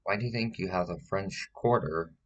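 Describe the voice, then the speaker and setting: A man playing a rambling self-styled witch woman who is confidently wrong. He hesitates with many fillers and keeps pressing with "okay?" in a deadpan comedic monologue. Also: deep voice, normal speed, dull audio. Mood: self-assured. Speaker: witch giving a tutorial.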